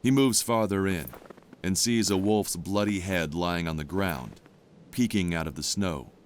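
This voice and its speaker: A man reads the narration of an audio drama in a measured, descriptive way. His voice sits very low. A faint noise runs underneath it.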